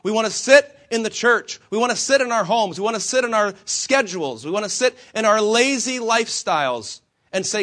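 A man's voice: sits high, animated, fairly quick, sharp tone. A man preaching a sermon to fellow believers, swinging his emphasis and asking rhetorical questions. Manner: acts out quoted voices of himself and the Lord. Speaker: pastor.

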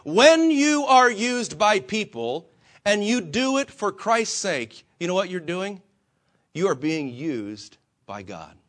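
With a high, sing-song and fairly bright voice, a pastor takes his sermon slowly. He addresses fellow believers, shifts his emphasis, asks rhetorical questions, and acts out what he and the Lord say.

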